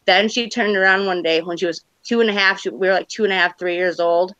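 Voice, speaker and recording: A woman in her thirties hosts a casual livestream chat, rambling from one story to the next. Her voice sits low for a woman yet sounds bright and forward. The audio is dry and dull, like a lo-fi stream feed. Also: steady tone, fast, no echo. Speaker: livestream host.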